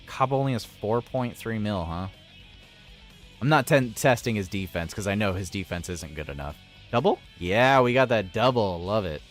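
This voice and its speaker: An animated man with a fairly low voice and moderate pace chats through his game stream, speaking to viewers and his pets and laughing frequently. Guitar music is faintly audible behind him.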